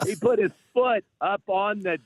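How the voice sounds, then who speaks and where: A man calling in to a talk radio show, telling a story in an animated, insistent way over a phone line. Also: sits high, a little slow. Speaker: caller. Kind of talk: call-in radio chat.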